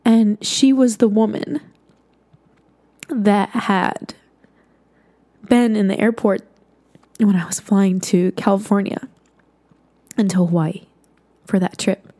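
A woman's voice: medium pitch, fairly even intonation, slow, pauses often, mellow. A woman hosting a podcast, telling a personal story in an earnest, conversational way with many fillers, sometimes dropping to a whisper for emphasis.

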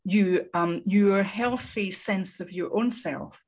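A woman, a psychologist, explaining her field in a measured, articulate way with frequent ums. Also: medium pitch, a little mellow. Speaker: psychologist guest. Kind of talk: conversational expert explanation.

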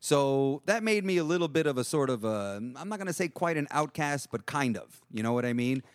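A man's voice: on the high side, expressive, fairly quick, clean tone, no room sound, clean studio sound. A middle-aged man, telling a rambling street story in casual chat and swearing freely. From Jackson Heights, New York. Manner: profane, rambling, acts out voices.

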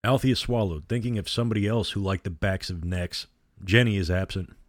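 A man narrating a storybook in a measured, even reading. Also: lowish voice, dry recording, clean studio sound.

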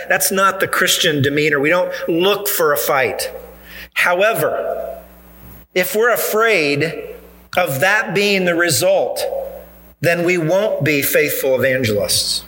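A man's voice: on the high side, lively intonation, unhurried, bright, forceful tone, rough recording. A male pastor preaching a sermon in church, earnest and emphatic, driving points home with repetition.

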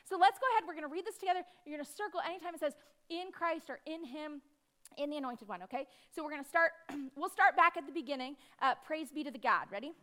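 A woman preaching a sermon in a conversational, emphatic way, with dramatic pauses on key words. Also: high voice, fairly bright tone.

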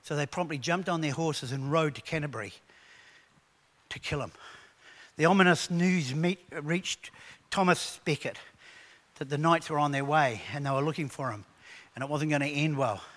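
A man preaching a sermon, animated and conversational, telling stories to his congregation. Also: a little high, normal speed, pauses often. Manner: animated preaching with acted quotes; conversational storytelling. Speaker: pastor.

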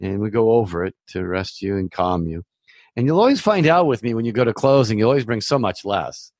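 A mortgage loan officer hosts a podcast in a lowish, darkish, expressive voice, speaking fairly quickly. His chatty monologue offers casual, reassuring advice, full of conversational asides and frequent repetition. The recording is dry.

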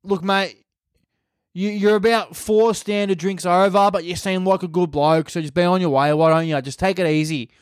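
A man's voice: high voice, steady tone, moderate pace, clear, resonant tone, no echo, studio quality, pitched above the performer's own voice, natural voice. A man voicing an overly friendly, crude Australian male cop with matey, slangy banter and an Australian accent. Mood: cheeky friendly.

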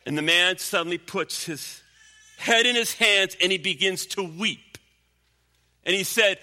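A man preaching a sermon as pastor, emphatic, sinking low and quiet for stories. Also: a little slow, big-room sound. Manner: emphatic preaching, drops low and quiet when telling a story.

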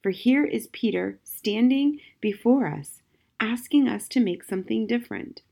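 A woman doing a gentle, soft-spoken policeman. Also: on the high side, lively intonation, normal speed, creaky. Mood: earnest. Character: gentle, thoughtful middle-aged policeman. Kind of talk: audiobook character voice.

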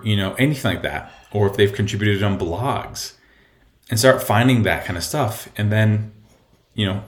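Male podcast host, casual and rambling, fairly low voice, recorded at home in an echoey room. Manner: rambling, conversational, many fillers and restarts. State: a bit out of breath. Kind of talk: casual solo podcast talk.

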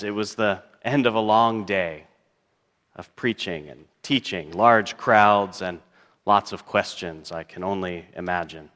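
A male pastor preaching a sermon in a reflective, musing way, reading scripture in a slow, measured cadence. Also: fairly low pitch, a bit bright, smooth. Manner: reflective, musing, wondering aloud. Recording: long reverb of a church hall.

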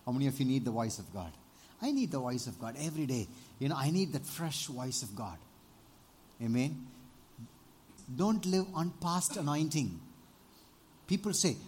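A man preaching a sermon, animated, often asking the congregation for amens and rising to loud exclamations. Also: mid-range voice, moderate pace, pauses often, a little hiss or hum. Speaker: pastor.

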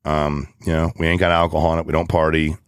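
A man in his forties with a very low voice, chatting in an interview. He rambles, restarts and speaks bluntly in casual slang. The sound is dry and close to the mic. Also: flat delivery, quick pace, clear, resonant tone, no room sound. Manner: rambling, blunt, drops into slang like "dude" and "ain't". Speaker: guest, business owner.

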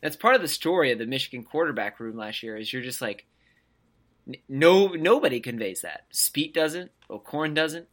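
A man's voice: medium pitch, normal speed. A man co-hosting a podcast, chatting casually about college football and mimicking players as he talks. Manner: animated, mimics players with voices. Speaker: podcast co-host. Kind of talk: casual sports chat.

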